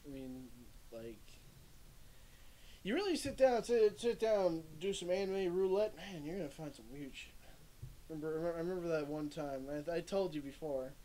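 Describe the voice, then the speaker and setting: A man's voice: on the high side, lively intonation, moderate pace, warm tone. A young man streaming and chatting casually, rambling through stories, swearing and laughing often. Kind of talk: casual chat. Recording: faint background noise.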